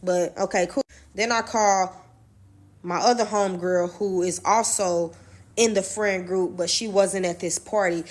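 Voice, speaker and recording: A woman's voice: mid-range voice, steady tone, measured pace. A woman telling a personal story in a loose, slangy, profane way, as a casual storytime monologue.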